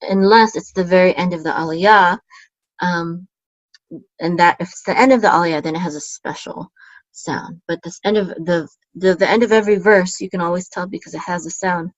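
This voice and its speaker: A woman's voice: steady tone, no room sound. Woman teaching Hebrew chant marks, lo-fi. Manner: chants the marks and words higher and slower, explains at a quick low murmur, many ums. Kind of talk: casual teaching, chanting trope words.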